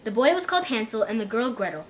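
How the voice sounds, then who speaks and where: A woman's voice: a little high, very animated, fast, slight background noise, low-quality recording. A woman narrating a fairy tale in a plain read-aloud voice.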